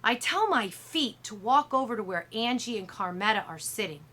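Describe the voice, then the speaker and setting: A woman narrating a middle-grade novel in first person, with expressive, youthful storytelling. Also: on the high side, normal speed. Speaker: audiobook narrator.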